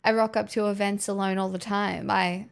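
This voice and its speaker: Australian woman streamer, gravelly fry in the voice, casual chat replying to viewers. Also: medium pitch, flat delivery, normal speed. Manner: chatty, answers chat messages, rambling restarts. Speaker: livestreamer.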